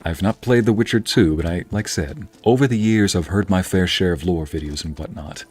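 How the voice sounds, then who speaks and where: A man's voice: sits low, fairly quick, a little mellow, slightly rough, soft background music. A man streaming a video game, chatting easily as casual game commentary. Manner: chatty and easygoing.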